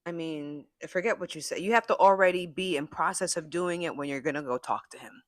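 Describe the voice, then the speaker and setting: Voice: mid-range voice, brisk, no echo, studio quality. A sports podcast co-host talking football in a blunt, profane, casual way. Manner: blunt and profane, acts out players' imagined thoughts.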